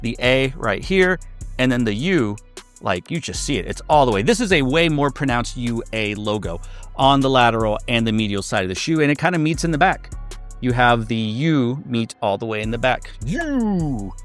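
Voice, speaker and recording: A man's voice: medium pitch, lively intonation, moderate pace, a bit bright, soft background music. A man giving a casual sneaker review, chatty and loose, with many fillers and restarts.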